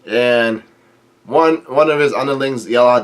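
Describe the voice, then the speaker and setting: A manga chapter reviewer, a man with a mid-range voice speaking a little slowly, casually talks through a comic chapter. He rambles, chuckles often, and uses many filler sounds and restarts.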